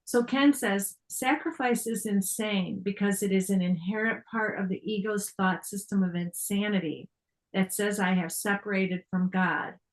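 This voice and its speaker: A woman's voice: medium pitch, low-quality recording. This is an older woman sharing thoughts on a spiritual text in a reflective talk. She reads passages aloud and explains them earnestly. She laughs easily and often starts a phrase over.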